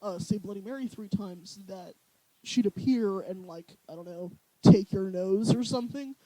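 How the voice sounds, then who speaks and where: A young co-host on a podcast, telling stories in an animated way and laughing often. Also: medium pitch, moderate pace, no echo, rough recording. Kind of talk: casual chat.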